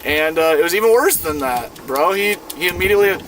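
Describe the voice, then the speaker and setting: Inside a van, a gaming streamer in his twenties from Iowa, USA tells a rambling, profane story in casual chat while streaming a game, laid-back and full of fillers. His fairly high voice has lively intonation and a brisk pace, with a noisy background.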